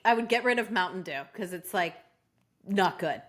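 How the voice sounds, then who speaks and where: A woman guest on a podcast, giving quick, decisive answers with light jokes. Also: on the low side, lively intonation. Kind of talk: casual interview chat.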